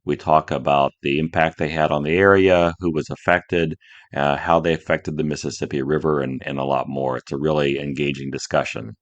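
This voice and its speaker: A man hosting a podcast, giving the episode introduction in a relaxed, slightly halting way with some fillers. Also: a bass voice, dry recording, highs cut off. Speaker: podcast host.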